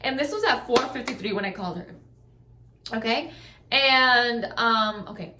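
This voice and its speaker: A woman's voice: a little high, lively intonation, moderate pace, bright, forceful tone. A woman vlogger telling a rambling story at home in a casual, chatty way, often checking in with her listeners. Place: at home in a trailer. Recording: roomy echo.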